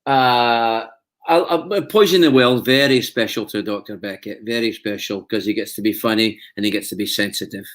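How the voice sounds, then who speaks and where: A man's voice: lowish voice, moderate pace, fairly bright tone. A man, an actor being interviewed, chatting casually and telling stories with frequent laughs. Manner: chatty storyteller, laughs often.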